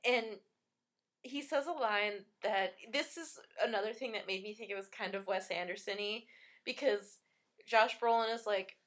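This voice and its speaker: A woman's voice: mid-range voice, moderate pace, fairly bright tone. A woman chatting casually about a film, rambling with lots of fillers and laughing often.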